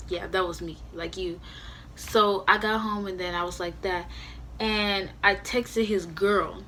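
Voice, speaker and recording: A young woman telling a storytime vlog at home in a casual, animated way, full of "you know" and "like". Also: mid-range voice, a little hiss or hum. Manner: animated, heavy use of "you know" and "like", acts out her own angry quotes. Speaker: vlogger.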